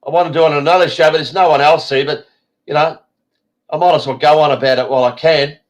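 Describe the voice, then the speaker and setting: A man's voice: on the high side, steady tone, fast, low-quality recording. An Australian man hosting an online talk show, ranting bluntly and swearing heavily. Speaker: show host.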